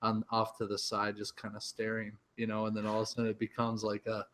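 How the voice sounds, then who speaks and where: A man's voice: on the low side, completely flat delivery, fast, background noise. A man co-hosting a podcast, chatting casually and searching for words with frequent restarts. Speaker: podcast co-host. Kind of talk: casual chat.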